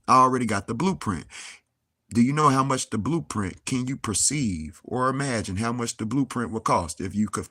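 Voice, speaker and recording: A man's voice: fairly low pitch, bright, forceful tone, breathy edge, no room sound, studio quality. A young man, ranting angrily to camera with heavy cursing and rhetorical questions. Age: young adult. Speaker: vlogger. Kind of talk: angry monologue to camera.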